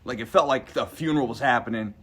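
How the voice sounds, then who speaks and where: A man's voice: mid-range voice, fast. A man telling a personal story to a live audience, rambling and conversational, emphatic as he acts out what others said. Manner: animated, emphatic, acts out quotes.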